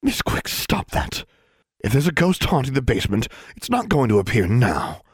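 A man's voice: mid-range voice, big pitch swings, moderate pace, husky, no echo, clean studio sound, voice pushed up. A man voicing a stern, cold female school dean who speaks in a clipped, commanding way.

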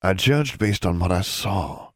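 A man voicing a soft-spoken, feared middle-aged wizard father who talks in a calm, measured, gentle way. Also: sits low, no echo, studio quality.

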